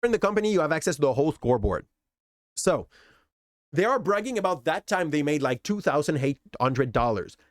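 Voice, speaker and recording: Guy ranting about his past, pitch jumps all over, kinda high, dead dry mic. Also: very animated, fairly quick, no echo. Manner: candid, exasperated storytelling. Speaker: content creator. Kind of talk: personal story vlog.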